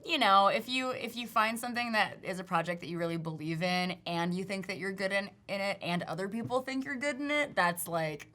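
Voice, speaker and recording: A woman's voice: mid-range voice, brisk, few pauses, pushed and bright. A woman in her twenties, a co-host and actor, talking casually on a studio panel show, thoughtful and full of fillers. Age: 20s.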